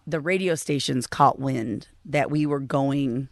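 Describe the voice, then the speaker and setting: A woman co-hosting a podcast, a radio DJ telling a story in a quick, animated, casual way. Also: very deep voice, gravelly, dry recording. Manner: animated, quick storyteller who jumps into quoted voices.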